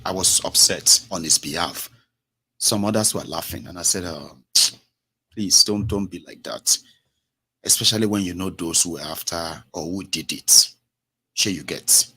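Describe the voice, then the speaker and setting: Man, Nigerian accent, radio host, low-ish voice, animated casual talk, mixes English, Pidgin and Yoruba. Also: husky. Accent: Nigerian, Yoruba-speaking. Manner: animated, switching between English, Pidgin and Yoruba, acting out quoted listeners. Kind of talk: casual solo broadcast talk.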